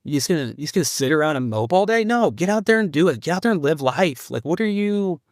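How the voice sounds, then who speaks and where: A pushy, exasperated buddy barks at a friend to stop moping and get out there, as a man puts on the voice. The voice jumps well above the speaker's usual pitch, sounding close and dry. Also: sing-song, quick pace, dry recording. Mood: scolding. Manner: scolding, pushy.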